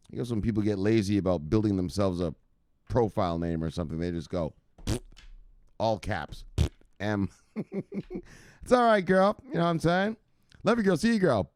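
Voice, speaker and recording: A man hosting a casual crypto news livestream, joking and cursing as he gives animated shout-outs to viewers. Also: fairly low pitch, dry recording, studio quality.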